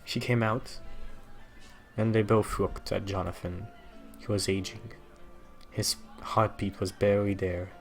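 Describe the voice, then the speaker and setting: A man improvising a story aloud during a tabletop game, narrating slowly and haltingly. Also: lowish voice, fairly even intonation, faint music behind. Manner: slow, halting narration with restarts.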